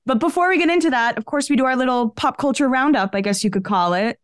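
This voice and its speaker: Woman, podcast co-host, gossipy casual chat, lots of "like", fairly high voice, dry sound. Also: quick pace, clear, resonant tone, no echo. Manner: chatty, gossipy, frequent "like" fillers. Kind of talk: casual pop-culture chat.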